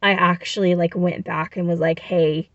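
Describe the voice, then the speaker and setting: A woman's voice: lowish voice, flat delivery, normal speed, no room sound, muffled recording. A young adult woman vlogger telling a personal story in a casual, rambling, self-reflective way with many fillers.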